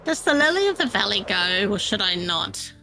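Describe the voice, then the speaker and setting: A woman's voice: mid-range voice, sing-song, normal speed, bright, forceful tone, faint music behind, poor audio. A woman chatting casually while she plays and builds in a game, self-deprecating and laughing often. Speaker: Minecraft streamer. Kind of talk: casual gameplay chat.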